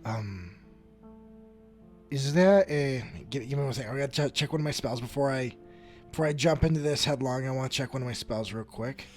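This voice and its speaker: A man taking part as a player in a tabletop game, talking in a halting way and often repeating words. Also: medium pitch, faint music behind. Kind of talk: casual tabletop game play.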